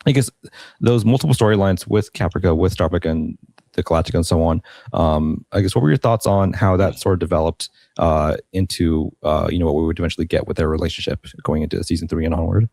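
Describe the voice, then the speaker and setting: A man with a very low voice who talks quickly, leading a casual panel discussion. His speech comes through close and dry, full of quick fillers. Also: creaky, darkish tone, no room sound. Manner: rapid, filler-heavy, conversational.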